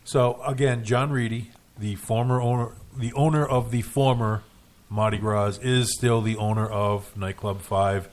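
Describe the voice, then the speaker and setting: A man co-hosting a casual radio show in a studio, talking in halting restarts with dry jokes. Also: on the low side, fairly even intonation. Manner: hesitant, restarts often, dry joking.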